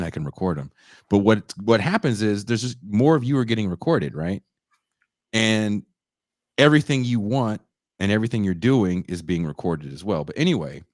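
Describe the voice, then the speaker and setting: A podcast co-host with a low voice tells a story in casual chat, animated and swearing freely while acting out what people said. The recording is clean studio sound with no echo.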